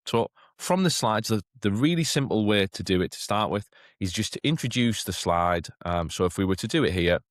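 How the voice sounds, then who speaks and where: A man giving a chatty teacher training talk, often checking in with "okay?" and lifting into a bright classroom voice to demonstrate. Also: fairly low pitch, no room sound, clean studio sound. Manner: chatty, keeps asking "okay?".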